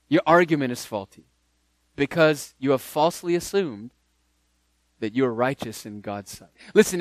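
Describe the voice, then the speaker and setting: A man preaching a verse-by-verse sermon, emphatic and repeating key phrases for stress, with lively swings in loudness. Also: fairly high pitch, dry recording.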